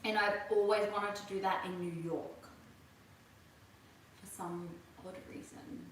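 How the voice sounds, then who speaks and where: A young Australian woman in her twenties hosts a livestream, chatting casually, reading out viewer questions and laughing often. Her mid-range voice is fairly even and unhurried, sounding off-mic in an echoey room with slight background noise.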